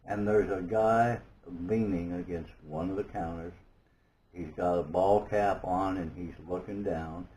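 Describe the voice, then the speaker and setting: Deep-voiced man, halting and awed. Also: fairly even intonation, warm tone, slight background noise, rough recording. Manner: halting, searching for words, with many restarts; earnest and awed. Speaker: guest telling his story. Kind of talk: personal testimony.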